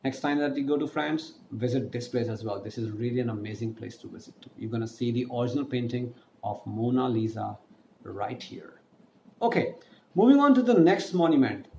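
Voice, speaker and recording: A man's voice: medium pitch, expressive, brisk, gravelly, warm tone, slight background noise. A man teaching an online French lesson, spelling words letter by letter and drawing out each pronunciation. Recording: echoey room with faint ambience.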